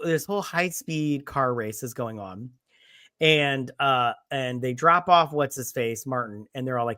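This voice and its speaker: A man hosting a casual movie review after drinking, rambling and profane, with sudden loud acted-out lines. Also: medium pitch, expressive, moderate pace, dry recording, studio quality. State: has been drinking. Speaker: podcast host.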